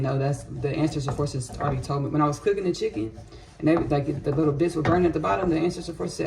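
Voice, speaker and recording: A woman's voice: low voice, fairly quick, vocal fry, background noise. A woman who hosts a home cooking vlog. She talks casually and rambles, drifting into spiritual asides as she cooks in her kitchen. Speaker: home cook vlogger.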